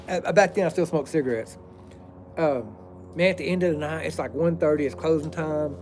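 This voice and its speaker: A man's voice: a little high, normal speed, gravelly, pauses often, a little mellow, slight background noise. A man, telling a personal story in a rambling, profane, drawling way.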